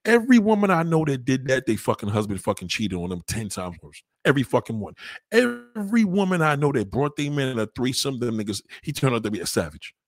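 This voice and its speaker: A brash man delivering raunchy stand-up with a husky, slightly rough voice. His pitch jumps up and down as he acts out the people in his stories. The sound is dry and close, with no room echo. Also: big pitch swings, fast. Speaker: stand-up comedian. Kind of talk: profane stand-up routine.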